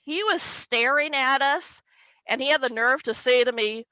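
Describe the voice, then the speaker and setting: A woman comedian telling a stand-up story in an animated way, acting out the people in it. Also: on the high side, normal speed, dry recording, low-quality recording. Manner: animated, acts out characters.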